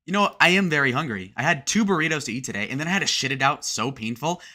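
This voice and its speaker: Bright-voiced man reading his livestream chat. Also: on the high side, fast talker. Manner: crude, joking, bursts into loud excited shout-outs. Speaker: livestream host.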